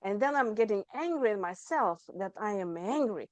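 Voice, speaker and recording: A woman hosting a podcast interview, talking in a reflective, casual way with halting restarts. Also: medium pitch, lively intonation, no echo. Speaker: podcast host.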